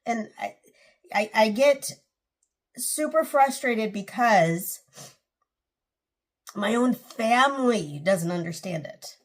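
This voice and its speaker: A woman's voice: a little high, animated, slow, long pauses. A woman in her forties hosting a casual personal vlog, talking in a rambling, earnest way with many restarts, and emotional at times. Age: 40s. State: emotional, close to tears. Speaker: channel host.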